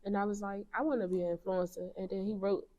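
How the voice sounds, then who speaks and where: A young woman speaking as an interview guest, halting and emotional as she talks about a painful loss. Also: mid-range voice, flat delivery. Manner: soft-spoken, halting, grieving. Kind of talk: emotional personal conversation.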